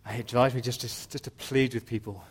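A man's voice: medium pitch, steady tone, a little fast, slightly rough. Earnest pleading male preacher. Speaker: pastor. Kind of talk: sermon.

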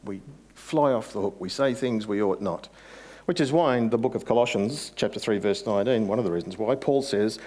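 Male pastor, low-pitched, conversational sermon delivery with building emphasis. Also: fairly quick, darkish tone.

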